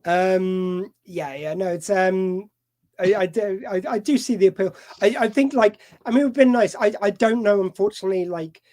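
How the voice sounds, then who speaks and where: A co-host chats casually and hesitantly, stumbling over fillers and apologising often. The voice sits at an ordinary middle pitch. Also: normal speed, darkish tone. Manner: hesitant, many fillers and apologies, laughs easily. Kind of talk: casual chat.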